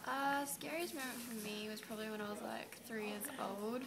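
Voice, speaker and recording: A young Australian woman telling a lively, swearing story in a casual chat among friends. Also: fairly high pitch, moderate pace, vocal fry, over a noisy crowd.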